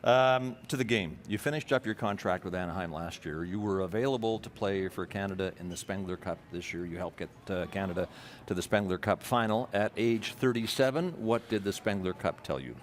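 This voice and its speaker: A man's voice: deep voice, brisk, a little hiss or hum. Dry, teasing male sports host. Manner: teasing, dry, mock-pompous. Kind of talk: TV sports talk-show interview. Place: arena broadcast set.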